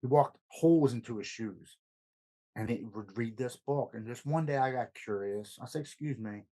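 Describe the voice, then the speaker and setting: A man on a podcast, casually telling a personal story with lots of quoted back-and-forth, earnest and dropping softer at heavy moments. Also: mid-range voice, moderate pace. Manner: retells events with much quoted dialogue. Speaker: podcast guest.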